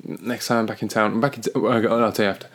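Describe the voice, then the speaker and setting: A young man co-hosting a casual podcast chat, jokey and quick to get defensive, laughing often. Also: on the low side, little pitch movement. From Britain. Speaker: podcast co-host.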